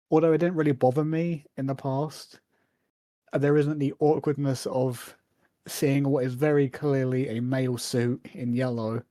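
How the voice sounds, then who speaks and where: A man chatting casually on a podcast, chiming in with easygoing remarks. His voice is mellow and warm, recorded dry with no room sound. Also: mid-range voice, no room sound. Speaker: podcast co-host. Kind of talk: casual chat.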